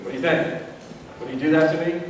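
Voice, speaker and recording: A man preaching to a congregation in a relaxed, conversational way, full of asides and questions. He is recorded from a distance in a church sanctuary, so his voice rings with a long, roomy reverb. A faint hum of the room sits behind him. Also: quick pace. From Florida. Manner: conversational, rises in pitch when acting out voices in a story. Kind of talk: sermon. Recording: echoey church hall from far off.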